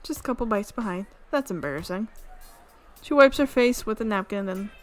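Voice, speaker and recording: A woman streamer reading a visual novel aloud, amused and quick to laugh. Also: medium pitch, lively intonation, faint music behind. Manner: amused, reads with frequent laughs.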